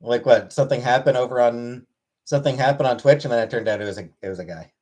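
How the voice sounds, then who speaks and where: A man's voice: medium pitch, fast talker, darkish tone. Laid-back man greeting viewers on stream. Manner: laid-back, greets viewers one after another by name; dry, offhand replies. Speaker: live streamer. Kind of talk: casual livestream chat, reading and answering chat.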